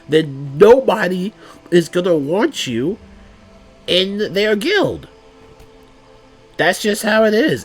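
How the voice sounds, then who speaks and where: A man with a fairly high voice, clearly congested from a cold, talks casually to his viewers. He sounds exasperated and keeps circling back over the same points. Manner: exasperated, repeating himself. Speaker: gaming YouTuber. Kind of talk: casual rant to camera.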